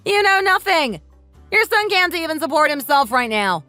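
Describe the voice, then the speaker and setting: A woman's voice: very high-pitched, sing-song, measured pace, sharp tone, no echo, faint music behind, voice pushed up, full character voice. A woman voicing a defiant young daughter-in-law in a texting story, firing back sarcastic, cutting comebacks. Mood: mocking.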